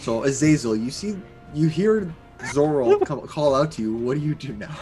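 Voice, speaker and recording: A man's voice: on the high side, lively intonation, normal speed, warm tone, soft background music. A man narrating a tabletop game as game master in a casual, laughing way. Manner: casual, laughing, gestures as he describes.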